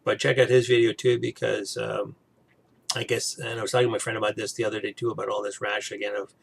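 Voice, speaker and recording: A man chats casually in a vlog, wandering off on asides and restarting his sentences. His voice sits low and gravelly, with a husky edge. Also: level tone, fast. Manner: rambling, with frequent restarts and asides. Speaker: vlogger. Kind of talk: casual chat.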